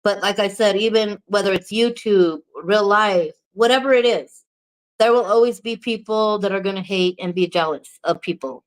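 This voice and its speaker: A woman's voice: mid-range voice, moderate pace, low-quality recording. A woman vlogger from New Mexico chatting casually to the camera, candid, swearing freely and laughing often.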